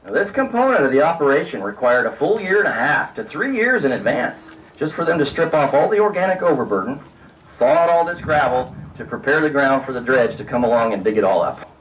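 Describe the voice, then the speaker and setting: A man working as a tour guide, explaining mining history to a group outdoors with emphatic, drawn-out storytelling. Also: mid-range voice, big pitch swings, a bit bright. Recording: distant outdoor mic with faint noise.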